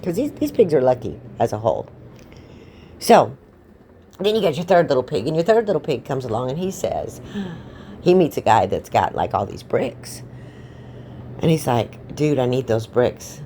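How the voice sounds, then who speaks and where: A woman's voice: rumbling low, big pitch swings, moderate pace, pauses often, mellow, slight background noise. A woman casually retelling a fairy tale with rambling, offhand, irreverent asides. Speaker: storyteller. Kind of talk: casual comic storytelling.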